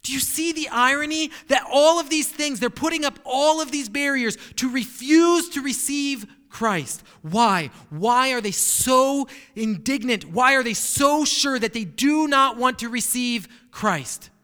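High bright-voiced preacher in a reverberant hall. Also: male voice, measured pace, few pauses, clear, resonant tone. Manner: emphatic preaching with rhetorical questions. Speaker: pastor. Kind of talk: sermon.

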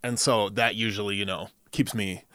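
Low-voiced man in casual chat. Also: steady tone, normal speed, sharp tone, clean tone, no room sound. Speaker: works around kids.

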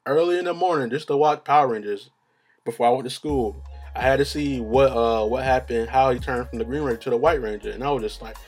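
A man's voice: mid-range voice, fast talker, soft background music. A young man, rambling in casual slang-heavy chat as a solo vlogger, laughing at his own stories.

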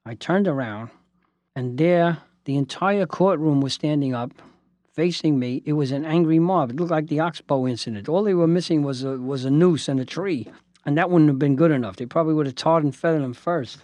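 A man, a lawyer, telling a lively anecdote with asides and voiced quotes. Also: on the high side, a little fast, no room sound. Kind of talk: spoken anecdote.

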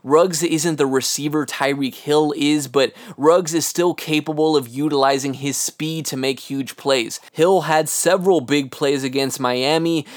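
A man hosting a solo sports podcast, giving an earnest, analytical game preview and talking to his listeners as guys. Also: on the high side. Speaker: podcast host.

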